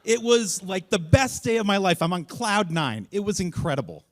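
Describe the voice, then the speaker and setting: A man telling a funny personal story on stage at a live event, self-mocking and acting out the voices in it. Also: normal speed. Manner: animated, self-mocking, acts out voices with big jumps in pitch.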